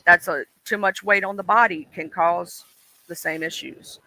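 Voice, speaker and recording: High bright-voiced man rambling casually. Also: fairly even intonation, normal speed, no echo, rough recording. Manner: rambling, full of ums and "you know"; laughs and acts out childhood voices. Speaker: stream host. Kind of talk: casual chat.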